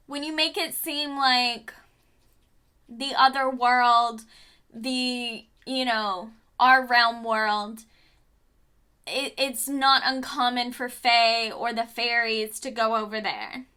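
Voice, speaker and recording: A young woman talks through a blunt, exasperated review while doing her makeup at home. Her voice sits high and bright, and she takes her time with each thought, unhurried even when she swears. It sounds like a casual rant to the camera. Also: clear, resonant tone. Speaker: beauty vlogger.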